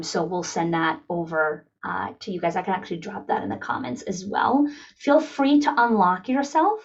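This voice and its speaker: A woman leading an online town hall for school leaders, talking in an energetic coaching manner and acting out the voices of people she quotes. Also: fairly low pitch, highs cut off, a little hiss or hum.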